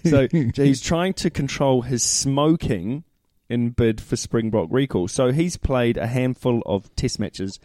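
A laid-back, matey man in a casual rugby chat. His voice is warm and mellow, at a middle pitch. It is recorded close and dry. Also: unhurried, few pauses, dry recording. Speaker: podcast co-host.

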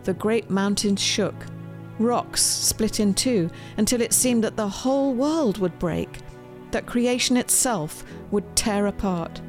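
A woman reads aloud from her children's storybook in a gentle, expressive voice. Her pitch sits in a middle range, and faint music plays underneath. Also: takes it slowly. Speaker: author reading her storybook.

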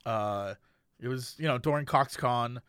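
A man's voice: mid-range voice, measured pace, fairly bright tone, smooth, no echo, studio quality. A man chatting casually on a podcast, telling stories animatedly and laughing often. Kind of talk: casual chat and storytelling.

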